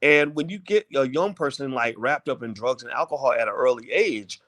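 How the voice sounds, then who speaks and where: A middle-aged man talks straight to his viewers in a loose, rambling monologue. His voice sits at a medium pitch, and he hammers his points home with preachy emphasis. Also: animated, normal speed, fairly bright tone. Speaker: channel host.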